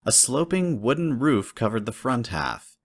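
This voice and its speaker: A man narrating a fanfic horror story in a steady, measured way. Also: medium pitch.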